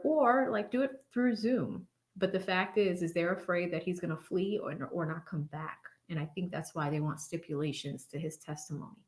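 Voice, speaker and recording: A woman hosts a casual livestream from her home studio, her voice sitting a little low. She reads viewers' messages aloud, thanks each of them by name and laughs easily as she chats. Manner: chatty, thanks donors by name, laughs often. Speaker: livestream host reading superchats. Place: home studio with blue backlight.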